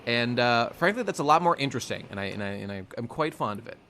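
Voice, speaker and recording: A man's voice: medium pitch, lively intonation, fast, sharp tone, slight background noise. A man co-hosting a fan podcast in casual chat, rambling with lots of fillers and restarts. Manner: rambling, many fillers and restarts, laughs often. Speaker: podcast co-host.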